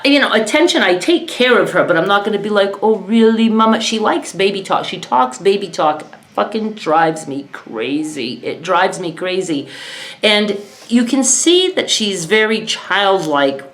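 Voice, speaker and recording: A woman's voice: on the low side, a bit bright. Frank, exasperated middle-aged woman vlogger. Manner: frank, exasperated, laughs often. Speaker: vlogger, caregiver of her mother. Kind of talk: casual talk to camera.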